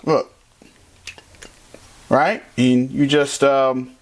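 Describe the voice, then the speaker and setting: A man casually reviewing and setting up a microphone in a playful, animated, jokey way. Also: mid-range voice, very slow. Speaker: tech reviewer. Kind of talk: casual product review vlog.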